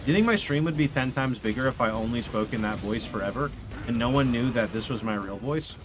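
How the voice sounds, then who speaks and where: A man's voice: medium pitch, animated, fairly quick. A man streaming a game live on a studio mic, chatting casually in a joking, self-mocking way. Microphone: studio condenser mic. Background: game music.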